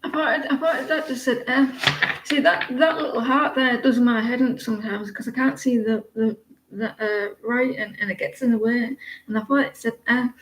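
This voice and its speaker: A woman's voice: fairly high pitch, steady tone, normal speed, fairly bright tone, roomy sound, a little hiss or hum, low-quality recording. An Irish woman in her forties giving a chatty, rambling live tarot reading, with many restarts. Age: 40s. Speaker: tarot reader.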